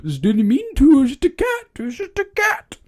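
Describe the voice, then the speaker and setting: Goofy cartoon dog, squeaky and giggly, a guy putting it on. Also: huge pitch swings, a little fast, heavily acted. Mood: sheepish. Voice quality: high, giggly put-on voice.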